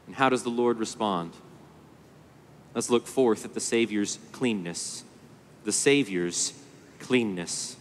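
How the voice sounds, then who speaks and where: A man preaching a sermon at a conference, impassioned, moving between hushed low passages and rising pleas. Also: slow pace, pauses often, a little hiss or hum. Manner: impassioned, swings from hushed to pleading. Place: large conference hall. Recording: long hall reverb.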